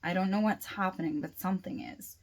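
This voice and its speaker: Woman narrator, author reading her novel, low-set voice, steady first-person audiobook read. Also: a little fast. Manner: steady reading with occasional restarts.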